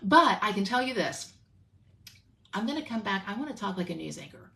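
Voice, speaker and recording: A woman hosts a live stamping-craft stream in easy, casual chat. Her voice is bright and her pitch moves about a lot, rising and dipping as she talks. She often repeats a phrase to drive it home. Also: sing-song, brisk, vocal fry. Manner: chatty, repeats phrases for emphasis.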